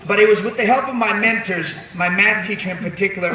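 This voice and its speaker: A man delivering a comedic commencement speech, telling animated stories in a higher voice. His words come from a distance through a heavy, booming echo. Audience noise sits clearly behind him. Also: fast, hardly any pauses. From New York City. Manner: animated storyteller doing funny voices. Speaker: commencement speaker. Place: large ceremony venue. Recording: very echoey venue, distant mic, audience noise.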